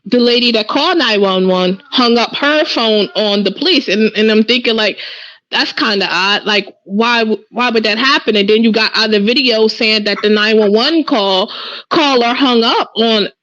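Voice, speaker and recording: A woman's voice: on the high side, normal speed, a bit bright, no echo. Lady guest on a talk panel, chatty, kinda dull dry sound. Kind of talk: casual discussion.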